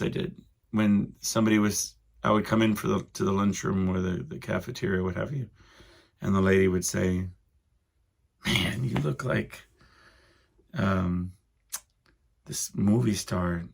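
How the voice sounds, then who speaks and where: A man's voice: fairly low pitch, steady tone, brisk, vocal fry, a bit bright. A young man hosting a solo podcast, rambling through stories with lots of fillers and asides. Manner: meandering, full of fillers and asides. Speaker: podcast host.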